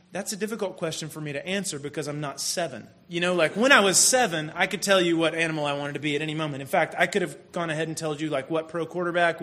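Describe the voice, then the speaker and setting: High-voiced man in his thirties preaching casually. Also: fairly bright tone. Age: 30s. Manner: conversational and self-deprecating, many restarts and asides. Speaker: pastor. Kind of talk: casual storytelling sermon.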